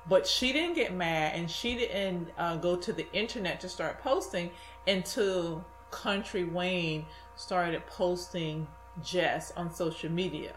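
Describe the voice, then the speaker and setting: A woman hosting a chat show, recapping the story at an unhurried pace and hedging her details. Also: fairly low pitch, a bit bright, faint music behind. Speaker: show host. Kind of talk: casual chat. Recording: echoey room.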